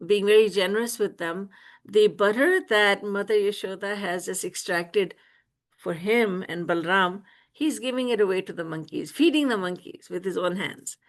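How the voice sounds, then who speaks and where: Woman telling a devotional story. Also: medium pitch. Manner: lively, laughs often while telling stories. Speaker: spiritual teacher. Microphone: video call.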